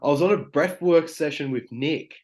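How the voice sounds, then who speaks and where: A man's voice: on the high side, normal speed, darkish tone. A young man guest talking casually and openly, peppering his speech with "like" and frequent swearing. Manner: loose, heavy on "like" and swearing. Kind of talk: casual podcast chat.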